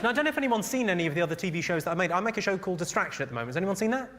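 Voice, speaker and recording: Casting: middle-aged comic, rapid-fire, slightly high voice, filthy crowd work, loud live room. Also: male voice, animated, heavy background noise. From England. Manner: dry, crude, teasing the audience. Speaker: stand-up comedian. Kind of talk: stand-up comedy with crowd work. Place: comedy venue on stage.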